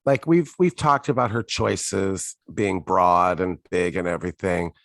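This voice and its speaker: A man's voice: deep voice, unhurried, gravelly, fairly bright tone, no room sound, studio quality. A man co-hosting a podcast, making wry, reflective remarks in a casual chat about a TV episode. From United States. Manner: wry, reflective, joking asides. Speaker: podcast co-host.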